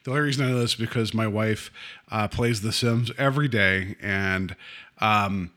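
A man's voice: on the low side, moderate pace, bright, forceful tone. A man co-hosting a podcast, eagerly sharing theories about a TV episode and quizzing his co-host. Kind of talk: casual chat discussing a TV episode.

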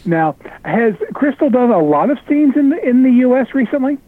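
A man's voice: very high-pitched, big pitch swings, brisk. Man calling in over a dull line. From Ohio, USA. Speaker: caller. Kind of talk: phone-in chat.

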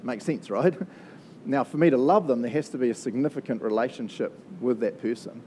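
Speaking a little fast in a mellow, medium-pitched voice, this New Zealand-accented man is a pastor giving a relaxed, conversational sermon. He's chatty, cracks jokes, and often laughs at his own asides. A bit of background noise sits under the audio.

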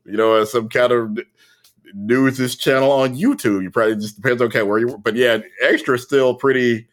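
A man's voice: medium pitch, fairly even intonation, moderate pace. A man co-hosting a podcast, explaining his points in casual chat with hesitant restarts. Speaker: podcast co-host.

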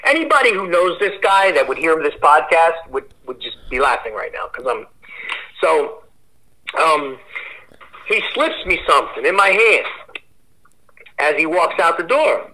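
A man's voice: fairly high pitch, very animated, a little slow, long pauses, bright, forceful tone, low-quality recording. A man in his forties, a podcast guest, telling a rambling, profane story in casual chat.

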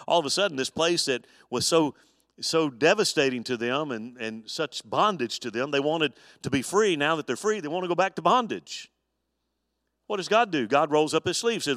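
A man, a pastor, teaching an evening adult Bible study in a folksy, animated storytelling way with touches of humor. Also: a little high, normal speed, dry recording, clean studio sound, big-room sound.

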